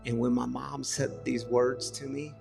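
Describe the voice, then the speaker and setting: Passionate pastor, middle-aged, raspy edge to a higher voice, faint music bed. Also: male voice, level tone, a little slow, in a large hall. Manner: passionate, rising to emphatic repeated questions and dropping to soft confessional tones. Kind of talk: sermon.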